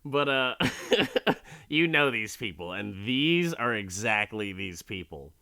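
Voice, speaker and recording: A man's voice: lowish voice, very animated, slow pace, creaky, sharp tone, no room sound. A man hosting a podcast, recapping an episode in a profane, joking, rambling way from his studio mic. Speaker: podcast host. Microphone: studio mic with headphones.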